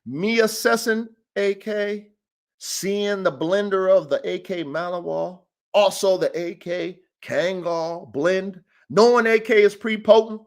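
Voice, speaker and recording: Animated, profane man telling stories. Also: high voice. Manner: animated storytelling, profane, quick asides. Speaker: dog breeder and podcast host. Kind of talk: casual livestream talk. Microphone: streaming setup.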